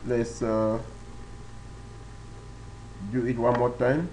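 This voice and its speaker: A man walks through coding steps at an unhurried, deliberate pace, pausing on fillers and repeating himself as he goes. His voice sits in an ordinary middle register, and a faint hiss runs under the recording. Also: mid-range voice, fairly even intonation, mellow, poor audio. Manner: slow, step-by-step, with frequent fillers and repetitions. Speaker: web development tutor. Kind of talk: screen-recorded coding tutorial.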